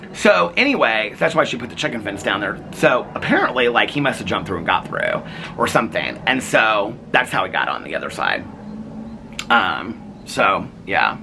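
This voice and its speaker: A man's voice: medium pitch, pushed and bright, slight background noise. Chatty man rambling through a story. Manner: rambling, lots of "like", quotes others in raised voice. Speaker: vlogger.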